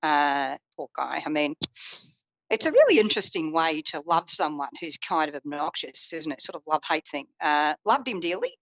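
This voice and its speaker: Lively woman psychic telling a story. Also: normal speed, no room sound, muffled recording. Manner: lively, acts out quoted family voices in a raised pitch. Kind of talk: personal storytelling on a call-in radio show.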